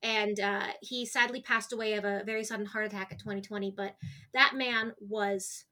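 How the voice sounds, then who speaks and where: A woman's voice: mid-range voice, fairly even intonation, normal speed, sharp tone. A woman in her twenties speaking as a podcast guest, open and emotional, often restarting her sentences. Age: 20s. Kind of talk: candid conversational interview.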